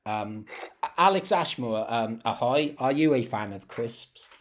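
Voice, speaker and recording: A man's voice: medium pitch, expressive, measured pace. Chatty male podcast host. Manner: chatty, jokey, with fillers. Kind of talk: casual podcast chat.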